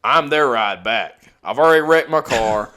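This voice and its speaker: A young man tells a story easily and without hurry, swearing along the way. His voice sits at a medium pitch, in relaxed podcast banter. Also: moderate pace, a little hiss or hum. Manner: laid-back, profane anecdote telling. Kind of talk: casual storytelling chat.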